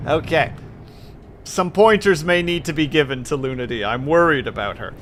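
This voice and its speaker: A man's voice: a little high, normal speed, fairly bright tone, slight background noise. A man casually chatting with viewers while streaming a game, playful and jokey. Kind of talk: casual gaming stream chat.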